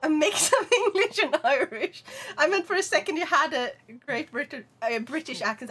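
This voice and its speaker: A woman's voice: sits high, animated, fairly bright tone. A young woman with a Swedish accent, chatting playfully with her viewers while streaming a game. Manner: playful, bantering with chat, quick laughs. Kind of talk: casual gaming stream chat.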